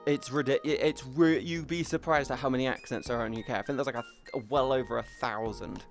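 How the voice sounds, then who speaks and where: A man's voice: mid-range voice, steady tone, quick pace. Guy streaming, chatty and rambly, keeps restarting sentences, medium voice, bit of music behind. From England, near Bristol. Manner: rambling, self-interrupting, chatty. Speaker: livestreamer. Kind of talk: casual stream chat.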